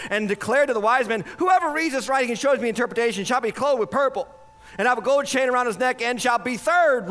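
A man preaching with a high-pitched voice. He is animated, rising to loud points and falling to hushed lines, and slips into mocking quoted voices to make his point. It sounds like a pastor in full flow of a sermon. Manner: acts out quoted voices for effect.

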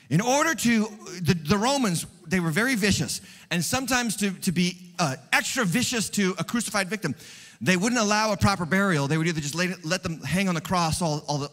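A man preaching an Easter sermon as pastor, animated and swinging from hushed tones to loud ones. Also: high-pitched, in a large hall. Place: church.

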